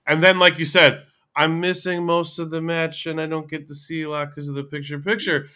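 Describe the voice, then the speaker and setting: A man's voice: on the high side, level tone, brisk, bright, forceful tone. A man hosting a casual podcast chat, rambling and thinking aloud as he talks. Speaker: podcast host.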